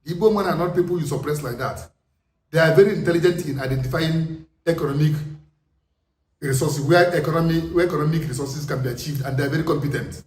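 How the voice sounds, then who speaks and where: A man with a Nigerian accent delivering an impassioned political monologue, forceful and full of rhetorical questions. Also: a little high, fast talker. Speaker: commentator. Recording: echoey room, distant mic, faint noise.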